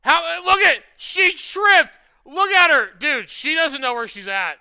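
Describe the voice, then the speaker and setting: A man streaming live reactions to a video, talking incredulously and shouting the same questions over and over. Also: very high voice, unhurried. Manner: incredulous, repeats questions loudly.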